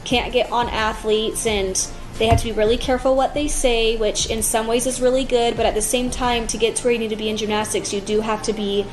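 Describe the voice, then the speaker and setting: A woman in casual chat, relaxed and full of 'like' fillers. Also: a little high, brisk, hardly any pauses, faint music behind, low-quality recording. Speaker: former gymnast.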